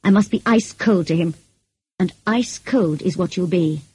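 A woman reading the lines of a brooding, passionate middle-aged gentleman in an audiobook, in an intense, pleading manner. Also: fairly low pitch, moderate pace, breathy edge, poor audio.

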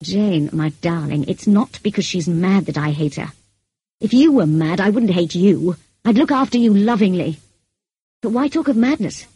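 A woman reading as a brooding passionate gentleman. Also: on the low side, animated, normal speed, slightly rough, no echo, rough recording. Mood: intense. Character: brooding passionate middle-aged gentleman, man. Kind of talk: audiobook character reading.

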